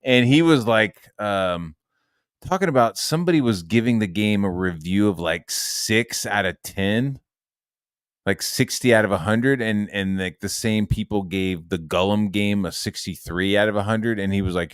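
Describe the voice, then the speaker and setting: Low-voiced swearing man, casual chat. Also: moderate pace, clear, resonant tone, dry recording, studio quality. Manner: animated, swearing, acts out quoted voices. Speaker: host.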